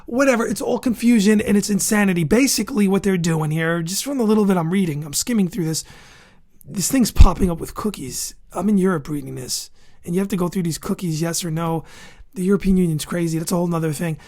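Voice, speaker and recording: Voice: mid-range voice, fast, darkish tone. A boxing show host giving heated, opinionated commentary, ranting and repeating insults for emphasis while skimming an article. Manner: skims and reads an article aloud between outbursts.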